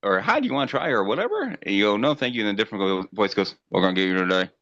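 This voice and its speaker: Racing along in a voice on the low side and a bit bright, a middle-aged co-host chats and rants with swearing on his podcast, acting out characters in his stories. The audio is muffled but free of echo.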